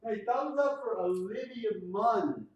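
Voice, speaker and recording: A man hosting a music reaction, excitedly repeating lyrics back and exclaiming. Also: high-pitched, takes it slowly, roomy sound, recorded from a distance. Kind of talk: casual reaction commentary.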